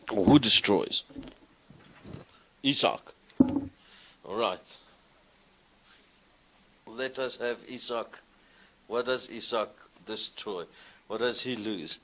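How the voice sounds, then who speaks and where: A Greek teacher gives a classroom lecture in a mid-range, sharp-toned voice, encouraging his students and frequently asking them questions.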